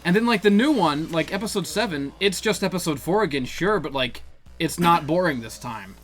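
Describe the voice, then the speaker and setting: Young male co-host, sarcastic, profane joker, lively. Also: a little high, fairly quick, soft background music. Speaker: co-host playing a fighting game. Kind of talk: casual chat over gameplay.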